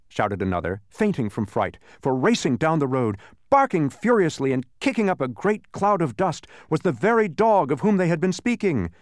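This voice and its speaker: Animated male storybook narrator. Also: on the low side, brisk, no room sound, clean studio sound. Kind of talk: audiobook narration.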